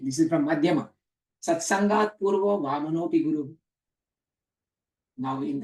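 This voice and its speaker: A man's voice: on the high side, darkish tone, far from the mic. Man lecturing in an echoey room. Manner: explanatory, asks the class questions, frequent "uh" and "huh?". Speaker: teacher of scripture. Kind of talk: classroom lecture on Sanskrit grammar. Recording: echoey room, speaker away from mic.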